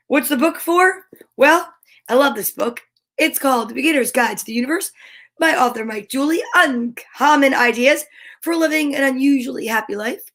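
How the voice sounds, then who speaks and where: A high-pitched woman chats in a bright, bubbly way as she hosts a live stream. She greets viewers by name and talks to them in a friendly, casual tone. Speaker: host.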